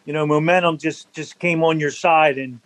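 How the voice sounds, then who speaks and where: An older man with a fairly high speaking voice spins anecdotes from his playing days, warm in rhythm and quick to laugh. The sound is dry and close, with no room around it. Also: dry recording, low-quality recording. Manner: animated anecdotal storyteller, laughs between stories. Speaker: interview guest, former football center. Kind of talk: storytelling in a conversational interview.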